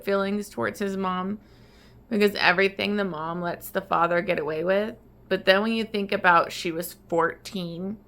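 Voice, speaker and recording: A woman's voice: lowish voice, fairly bright tone. A woman book reviewer recapping a romance novel in a casual vlog, emotional and full of "like". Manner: emotional, heavy use of "like".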